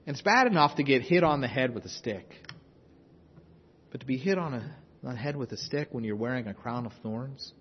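A man preaching a sermon as pastor, swinging between loud urgency and hushed, intense passages. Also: medium pitch, animated, a little fast, breathy edge, in a large hall, dull audio.

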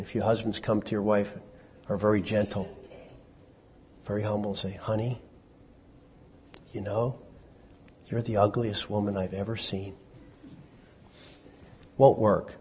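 A man's voice: on the low side, husky. A man preaching a sermon in a conversational way, asking his listeners questions and then answering them himself. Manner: conversational, with small restarts. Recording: dull, lo-fi hall recording.

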